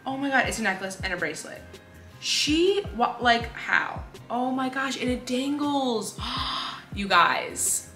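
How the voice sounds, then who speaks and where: A woman's voice: fairly high pitch, expressive, normal speed. A young woman, a lifestyle influencer, chatting casually while unboxing, gushing and gasping, a little tired. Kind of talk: casual vlog unboxing chat. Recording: roomy sound with loud music behind. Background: background music.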